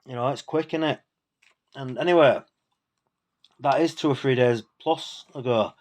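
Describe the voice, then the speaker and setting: A man rants straight to camera, a few drinks in. His voice sits at an ordinary middle pitch. He rambles, swears freely and sounds indignant throughout. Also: measured pace. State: tipsy from drinking. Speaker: vlogger. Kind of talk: ranting casual monologue.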